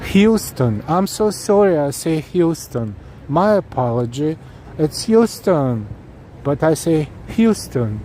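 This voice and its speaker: Unhurried, with lively intonation and a dark tone, a slightly high-voiced man walks an evening city street on a live stream. He's chatty and earnest, addressing viewers directly and reading their chat aloud, captured by a handheld camera rig amid faint traffic noise.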